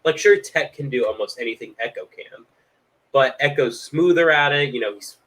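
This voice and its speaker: A man's voice: mid-range voice, moderate pace, poor audio. Rambling young-sounding man, casual chat. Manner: rambling, filler-heavy, excitable. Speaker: podcast co-host. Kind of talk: casual fan podcast chat.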